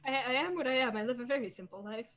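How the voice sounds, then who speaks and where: A woman voicing a timid blind male wandering bard who speaks quietly and slowly. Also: high-pitched, pitched above the performer's own voice.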